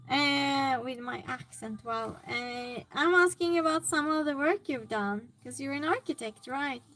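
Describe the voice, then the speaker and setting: High-voiced woman chatting slowly with viewers. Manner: reacts to chat with animated exclamations. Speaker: streamer. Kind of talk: casual chat reading viewer comments aloud.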